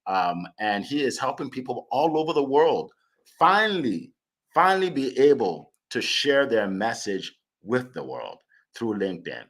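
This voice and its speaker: A man's voice: medium pitch, big pitch swings, measured pace, fairly bright tone. A man hosting an online meetup over a video call, upbeat and chatty, repeating his phrases as he introduces speakers. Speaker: host.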